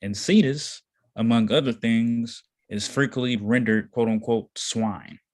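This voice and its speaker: A man reading a text aloud slowly and deliberately, pausing now and then to comment. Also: mid-range voice, a little mellow. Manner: slow, deliberate reading with pauses. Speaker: reader in a study session.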